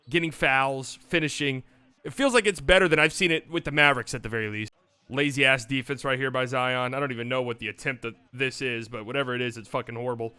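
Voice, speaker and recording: Young male sports host, casual and excitable, a bit high-pitched, crisp bright tone. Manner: excitable, swears freely, shifts into mock voices. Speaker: basketball commentary host. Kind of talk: casual game breakdown over highlights.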